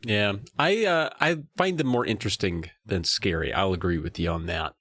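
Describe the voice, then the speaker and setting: A man co-hosting a casual podcast about a kids' horror book, jokey and animated, his voice jumping high for emphasis. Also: moderate pace, few pauses, dry recording, clean studio sound. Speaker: podcast co-host. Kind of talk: casual book-club chat.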